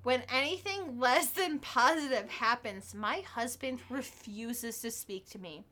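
A woman's voice: a little high, unhurried, sharp tone. Giggly tipsy woman podcast host. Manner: giggly, swearing, reads listener questions aloud. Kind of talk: casual drunk podcast chat.

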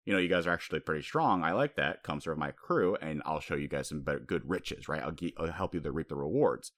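A man's voice: very deep voice, animated, fast talker, a bit bright, dry recording. A man doing a sneering pirate boss. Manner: mocking, picking apart words.

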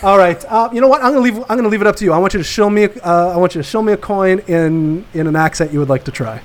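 A Canadian man hosting a casual chat, playful and quick to giggle. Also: sits high. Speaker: host.

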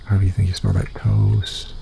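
A Midwestern American man hosts a loose, casual chat, rambling as he thinks aloud. His low voice is gravelly and husky, with a dark, mellow tone. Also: monotone, moderate pace, a little hiss or hum. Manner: rambling, thinking aloud while searching online. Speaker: podcast host.

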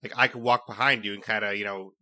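A man's voice: on the low side, steady tone, fast, sharp tone. A man co-hosting a casual gaming podcast, chiming in with short agreeable remarks and follow-up questions. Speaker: podcast co-host.

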